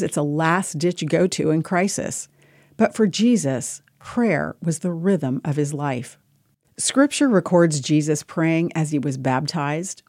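Calm, low-voiced woman reading a devotional. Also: no room sound. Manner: calm, measured reading over soft music. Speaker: host of a short devotional program. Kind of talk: scripted devotional narration. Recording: dry studio voice-over with faint music.

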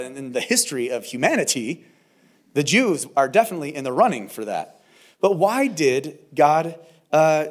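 Male pastor, slightly higher voice, conversational and earnest sermon delivery at a church service. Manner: conversational, earnest, with frequent fillers and restarts. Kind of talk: verse-by-verse sermon.

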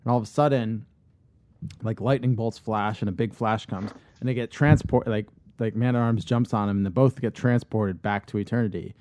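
A man on a podcast casually pitching a movie idea, rambling with lots of fillers and restarts. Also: steady tone, normal speed, a little mellow, no room sound.

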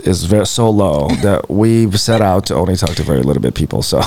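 A man's voice: low-pitched, expressive, a little fast, creaky, darkish tone. A man co-hosting a casual live chat, joking and sarcastic, rambling from thought to thought. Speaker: co-host.

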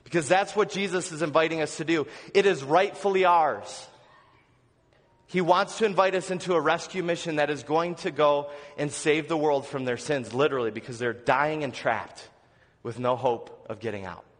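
An earnest male pastor preaches to his congregation in a slightly high voice, often asking them questions and dropping to soft, low lines. His sermon carries the long reverb of a church sanctuary. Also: normal speed.

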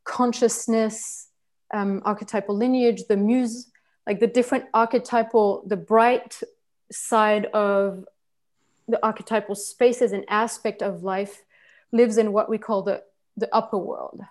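A woman's voice: mid-range voice, fairly even intonation, a little slow, darkish tone. A woman leading a personal-growth workshop, speaking earnestly and searching for words, with fillers and restarts. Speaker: workshop facilitator. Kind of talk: teaching talk on personal growth.

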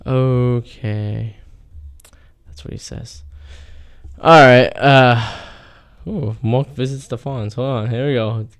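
A man's voice: medium pitch, steady tone, takes it slowly, pauses often, clean tone, no echo. A young man hosting a college radio show from a campus studio, joking and rambling between clips. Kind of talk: casual radio chat. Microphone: studio mic.

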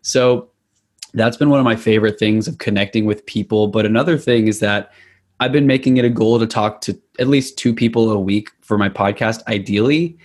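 A man's voice: on the low side, a little fast, a little mellow. An American man with an upbeat, enthusiastic manner, chatting casually as a podcast guest over a video call. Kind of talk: casual chat.

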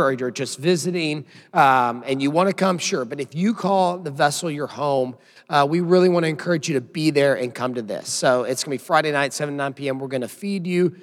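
A hoarse man in his thirties speaks as a pastor, his voice worn from yelling. He talks in a loose, chatty way, sprinkling in self-deprecating asides. His voice hangs in a long hall reverb at an ordinary mid pitch. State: hoarse from yelling while coaching. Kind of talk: church announcements and sermon opening.

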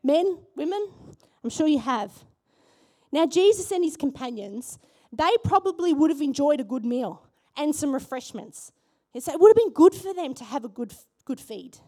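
Aussie lady pastor giving a sermon, high voice, super animated, lots of questions to the crowd. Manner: animated, rhetorical questions to the congregation. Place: church.

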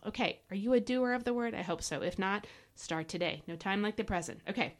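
A woman's voice: on the low side, animated, a little fast. A woman hosts a devotional podcast and teaches from scripture with real fervor. She speaks in an exhorting, preachy style, pressing her listeners directly. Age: adult parent. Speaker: podcast host.

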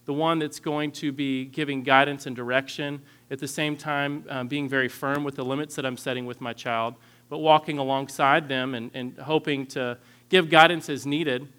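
A man in his thirties giving a candid, earnest lecture on parenting styles, often clearing his throat. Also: mid-range voice, fairly even intonation, moderate pace, fairly bright tone. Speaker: parenting instructor.

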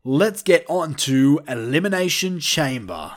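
A man's voice: a little high, animated, measured pace. A man ranting bluntly and with heavy profanity as he gives his opinions in a vlog. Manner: blunt, heavily profane, fired up. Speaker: wrestling commentator vlogger. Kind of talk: opinionated rant.

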